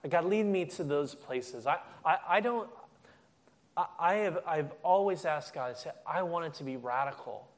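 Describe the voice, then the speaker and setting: Guest preacher, middle-aged man, slightly high voice, energetic sermon delivery with lots of false starts. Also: normal speed. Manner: animated storytelling with frequent restarts. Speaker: guest speaker.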